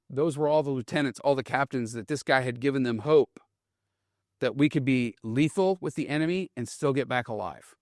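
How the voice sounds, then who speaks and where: A man giving a conversational talk on military leadership, animated and checking in with the audience as he tells the story. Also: medium pitch, dry recording, clean studio sound. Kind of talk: storytelling talk with read-out quotes.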